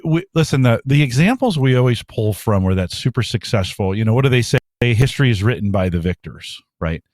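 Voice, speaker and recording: A man's voice: mid-range voice, darkish tone, no room sound, studio quality. A man co-hosting a podcast, reflecting aloud in casual talk with fillers. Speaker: podcast co-host. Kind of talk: casual chat.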